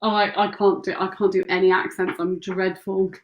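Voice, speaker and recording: A woman's voice: mid-range voice, level tone, normal speed, noisy background. A woman co-hosting a casual home question-and-answer chat, teasing her partner and laughing often. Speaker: co-host. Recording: echoey room.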